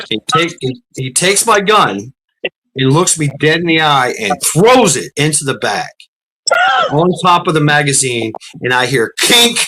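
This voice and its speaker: Profane, rambling man telling a story. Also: medium pitch. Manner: profane, rambling, frequent restarts; acts out quotes in a raised shouting voice. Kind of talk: casual storytelling.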